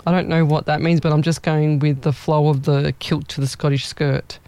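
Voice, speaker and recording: A male psychic medium chats his way through a live reading, rambling and poking fun at himself. His voice sits a little high, recorded dry and close with no room sound. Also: level tone, moderate pace, clear, resonant tone, no echo. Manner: chatty, rambling, self-mocking with frequent laughs; warm familiar address.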